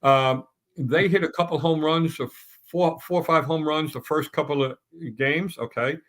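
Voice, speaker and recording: A man's voice: fairly high pitch, steady tone, moderate pace, a bit bright. A middle-aged man on a sports talk round table, ranting bluntly and stumbling through restarts as he builds his points.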